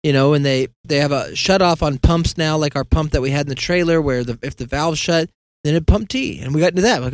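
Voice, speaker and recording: Rambling man with a slightly high voice. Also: fast, no echo. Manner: meandering, self-deprecating, acts out quoted dialogue. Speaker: podcast host. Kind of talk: casual rambling monologue.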